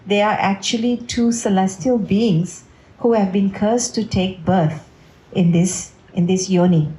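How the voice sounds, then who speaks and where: A woman's voice: medium pitch, fairly even intonation, measured pace, warm tone. A woman giving a devotional storytelling talk at a family home, often checking in with her listeners. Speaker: devotional speaker. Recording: roomy echo in a home.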